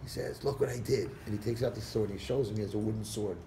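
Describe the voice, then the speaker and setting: Male rabbi, mellow voice, animated parable-telling, roomy hall sound with faint noise. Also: lowish voice, fast talker. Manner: animated storyteller acting out characters' lines. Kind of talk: storytelling talk to an audience. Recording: echoey room recording with faint background noise.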